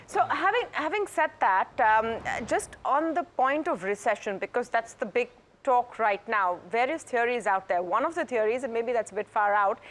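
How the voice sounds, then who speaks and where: A woman anchoring a business news interview, asking long questions and rephrasing them as she goes. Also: on the high side.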